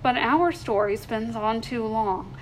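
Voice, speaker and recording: Woman reading a story, higher voice. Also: slow pace, slight background noise, rough recording. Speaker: story reader.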